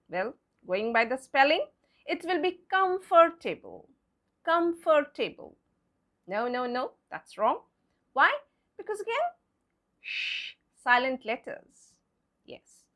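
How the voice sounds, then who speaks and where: High, lively woman teaching pronunciation slowly. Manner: playful, hushing "shh", repeats words slowly. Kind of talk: explaining pronunciation to viewers.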